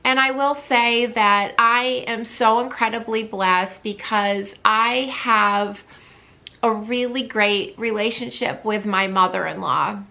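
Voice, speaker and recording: A woman in her fifties speaks to her viewers in a candid, heartfelt vlog. She talks slowly, pausing and restarting often. Her voice is fairly high and bright. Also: creaky. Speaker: vlogger. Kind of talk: personal talk to camera.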